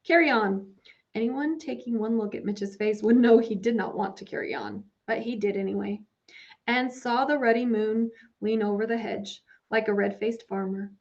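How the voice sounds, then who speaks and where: A woman's voice: on the high side, fairly even intonation, a little mellow. Woman narrating a story, muffled sound. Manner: measured storytelling. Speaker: audiobook narrator. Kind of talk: scripted narration. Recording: dull lo-fi recording.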